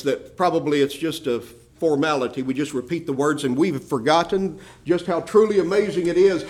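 A man preaching a sermon in a fairly high voice. He drops into hushed low phrases, then climbs to loud, rising emphasis. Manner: addresses listeners as "my beloved".

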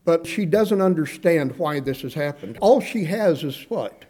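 A man's voice: on the high side, expressive, measured pace, dark tone, breathy edge. A man preaching a sermon, earnest, acting out the words of the people in his text and asking his listeners questions. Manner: earnest preaching, acts out quoted speakers; asks the congregation questions. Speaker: pastor.

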